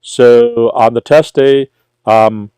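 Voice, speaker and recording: A man's voice: medium pitch, steady tone, takes it slowly, warm tone, clear, resonant tone, no echo. A middle-aged man from Brooklyn with a New York accent, hosting a casual livestream as a tutor and chattily reading out viewer questions before answering them.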